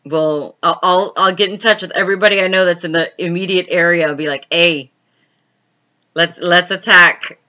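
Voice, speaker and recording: A woman's voice: fairly low pitch, steady tone, quick pace, few pauses, pushed and bright, muffled recording. A woman hosting a casual live stream, chatting and laughing as she answers viewers' comments by name.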